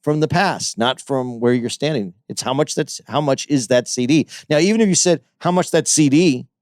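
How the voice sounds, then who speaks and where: In clean, dry studio sound, a podcast co-host with a fairly high voice speaks at a moderate pace. During casual discussion he explains his point at length, restarting sentences as he thinks it through.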